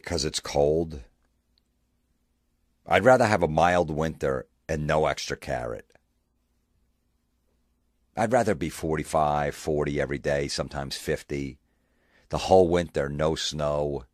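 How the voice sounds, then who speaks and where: A man's voice: extremely low pitch, unhurried, pauses often, no room sound, studio quality. A male comedian ranting sarcastically, mocking and swearing. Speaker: comedian host. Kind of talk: comedic rant.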